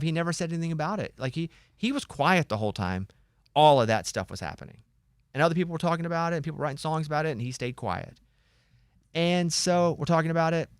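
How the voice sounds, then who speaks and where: Animated man telling a story, dry studio. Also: mid-range voice, smooth, no room sound. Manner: animated storyteller, acts out quoted voices. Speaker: radio show host. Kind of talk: casual talk show storytelling.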